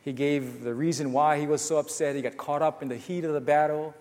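A man's voice: on the high side, fairly even intonation, brisk, a little mellow, in a large hall. A man, a former judge, preaching a sermon and earnestly telling a personal story, acting out the dialogue.

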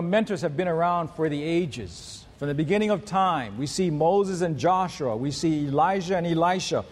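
A man's voice: fairly high pitch, darkish tone. A man preaching a sermon, earnest and laying out his teaching in numbered points. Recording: reverberant hall.

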